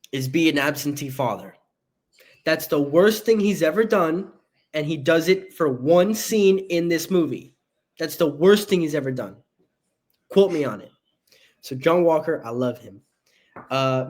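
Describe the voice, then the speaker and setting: A man with a somewhat higher voice co-hosts a casual movie podcast. He jokes and boasts playfully, tossing in quick asides as he talks. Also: a little mellow. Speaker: podcast co-host.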